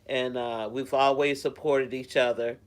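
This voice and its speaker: A man's voice: medium pitch, flat delivery, unhurried, a little hiss or hum. A man chatting casually at home on a live stream, rambling in a caring way and greeting viewers by name. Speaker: live streamer reading chat.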